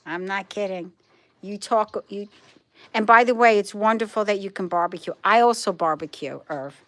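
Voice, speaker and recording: A woman's voice: mid-range voice, normal speed, a bit bright. Brooklyn-accented woman, middle-aged, casual livestream chat, emphatic, repeats herself. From Brooklyn, New York. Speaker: livestream host. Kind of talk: casual live chat with viewers.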